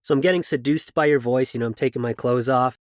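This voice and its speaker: A man's voice: mid-range voice, quick pace, dry recording, clean studio sound. A man hosting a podcast who works in voiceover, talking earnestly and joking while praising his guest. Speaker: podcast host, voice actor. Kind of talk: casual interview chat.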